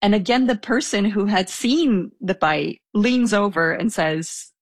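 A woman's voice: medium pitch, a little slow, no room sound. A young woman telling a personal anecdote in a casual, hesitant way, with small laughs. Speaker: storyteller guest.

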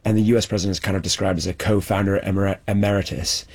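A man with a lowish voice talks through his documentary reporting. He speaks in a measured, explanatory way and uses occasional fillers, like a journalist answering questions on a panel. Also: fairly even intonation, a little mellow.

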